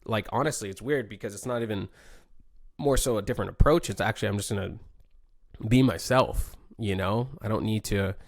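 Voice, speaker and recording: A man's voice: fairly low pitch, brisk, gravelly, no echo, studio quality. A man talking casually and reflectively, full of laid-back surfer slang and fillers. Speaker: pro surfer podcaster.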